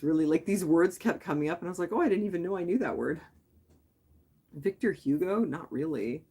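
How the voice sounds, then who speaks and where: A woman from Quebec, a native English speaker, hosting a casual late-night livestream and answering viewers' comments in a rambling, candid way. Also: low-pitched. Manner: rambling and candid, thinking aloud with many "like"s and restarts. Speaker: livestream host.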